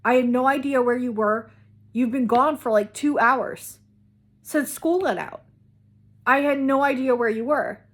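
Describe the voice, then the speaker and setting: A woman's voice: high voice, unhurried, voice pushed up. A woman voicing her frantic, worried mother, who keeps repeating herself.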